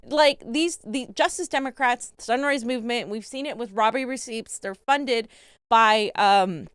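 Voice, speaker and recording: A woman's voice: a little high, normal speed, fairly bright tone, clean tone, no room sound, studio quality. A woman co-hosting casual political commentary, blunt and laughing often, swearing freely. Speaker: co-host.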